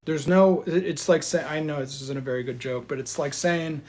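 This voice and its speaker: A man giving heated, profane market commentary, swinging between loud outbursts and quiet asides. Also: on the high side, animated, brisk, hardly any pauses. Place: indoors in front of a chart.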